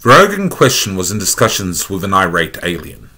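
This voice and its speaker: A man with an Australian accent narrates a storybook in a plain, steady reading. His voice sits low and sounds husky, with a forceful, bright edge. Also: brisk, few pauses.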